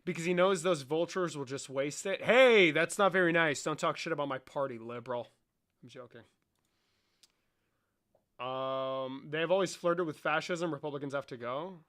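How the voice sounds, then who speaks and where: A man's voice: fairly high pitch, moderate pace, a bit bright. A young man around twenty, casually chatting on a livestream in a joking, sarcastic way and swearing a lot. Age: young adult.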